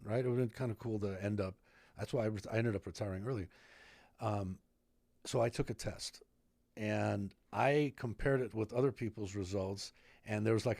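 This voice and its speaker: Gravelly-voiced storyteller, a man in his 50s. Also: fairly low pitch, normal speed, dry recording. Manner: animated storyteller who acts out dialogue. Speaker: guest, retired fire captain and paramedic. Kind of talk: casual podcast interview. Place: podcast studio in Idaho.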